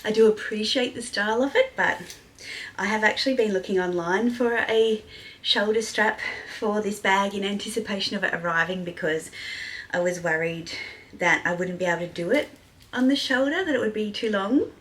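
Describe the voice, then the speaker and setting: A woman's voice: medium pitch, moderate pace, a bit bright. A woman vlogging a luxury handbag unboxing, gushing with breathless exclamations and whispered asides. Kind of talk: excited unboxing vlog.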